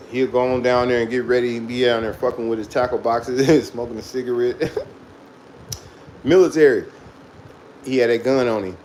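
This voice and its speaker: A man's voice: mid-range voice, fairly even intonation, normal speed, long pauses, a little mellow, slight background noise, rough recording. A man casually telling a profane childhood story, laughing often as he goes. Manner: loose, profane, laughs through his story.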